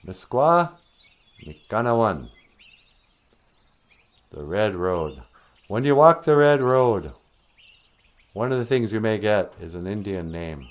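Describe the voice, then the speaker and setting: A man's voice: fairly low pitch, very animated, slow, long pauses. A man hosting a comedic puppet show, rambling and giggling at himself. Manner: rambling, giggly, self-deprecating.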